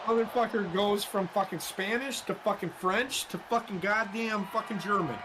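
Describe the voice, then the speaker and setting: A man with a noticeably high voice, cursing constantly and rambling bluntly through casual gaming talk. Clear background noise runs under his voice. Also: moderate pace. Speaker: co-host, gamer. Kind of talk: casual banter over gameplay.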